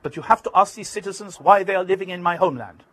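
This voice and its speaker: A man voicing a furious, defiant older political leader who shouts in broken English. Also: sits high, fast talker, pitched above the performer's own voice. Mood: shouting.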